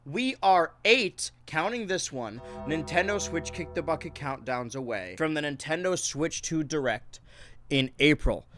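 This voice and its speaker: A young man hosting a joke news show, with a jokey, excitable mock-newscaster delivery. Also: on the high side, a little slow, soft background music. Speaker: host.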